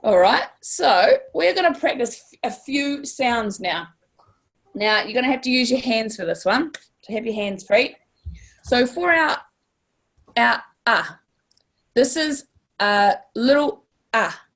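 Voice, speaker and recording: A woman's voice: fairly high pitch, animated, measured pace. A woman with a New Zealand accent teaching a class, upbeat and encouraging, stretching words out to model sounds. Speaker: language teacher.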